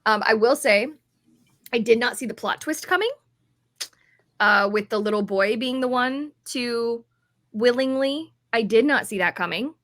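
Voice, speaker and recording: A woman's voice: fairly high pitch, a little slow, a bit bright. A woman co-hosting a podcast in casual chat, rambling with lots of fillers, sounding a little tired. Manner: chatty, rambling, many fillers. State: yawning, tired. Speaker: podcast co-host.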